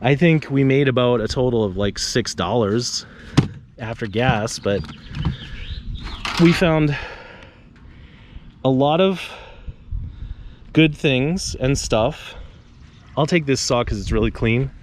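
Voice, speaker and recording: A man who picks through trash talks casually to his viewers on a suburban street outdoors, adding jokey asides. He speaks slowly at medium pitch with long pauses, and there's slight background noise.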